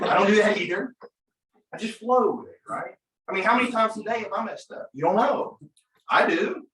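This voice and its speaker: A man who is an attorney, coaching a class on mock trial in an animated way, acting out courtroom exchanges. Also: fairly high pitch, a little hiss or hum. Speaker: attorney, guest speaker. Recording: echoey room, mic from far off.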